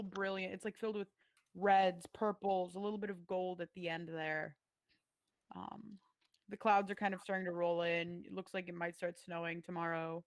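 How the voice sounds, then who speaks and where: A woman runs a tabletop game as game master, narrating in a casual, halting way with plenty of fillers. Her voice has a gravelly edge and sounds dry and close to the mic. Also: medium pitch, no room sound.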